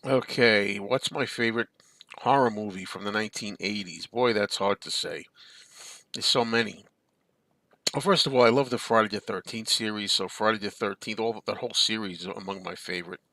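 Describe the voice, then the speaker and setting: A man's voice: lowish voice, normal speed, sharp tone, dry recording. Chatty man hosting a live stream. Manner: rambling, chatty, reads viewer comments aloud. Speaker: show host. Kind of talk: casual live-stream chat.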